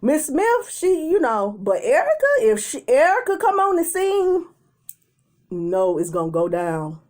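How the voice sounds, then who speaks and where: Animated woman telling a story time. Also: high-pitched, unhurried. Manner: animated storytelling, acts out quotes in changing voices. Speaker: mukbang vlogger.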